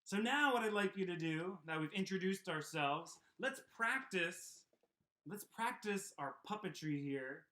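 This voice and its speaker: A man teaching a children's puppet and sing-along lesson at home, speaking gently and encouragingly. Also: sits high, expressive, unhurried. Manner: gentle, encouraging, talks to kids. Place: home room.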